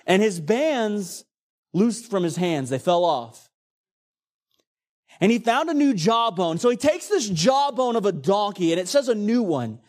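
A man preaching a sermon, retelling a scripture story with animated, dramatic storytelling. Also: high-pitched.

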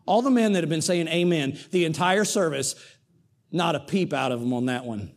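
A man preaching a sermon, telling a Bible story with dramatic swings between hushed and loud delivery. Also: a little high, moderate pace.

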